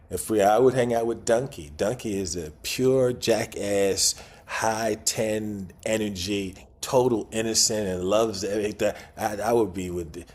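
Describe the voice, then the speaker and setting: A man's voice: lowish voice, slightly rough. A man in his sixties, a guest actor in a casual interview, talking in a laid-back way with chuckles and repeated phrases. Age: 60s.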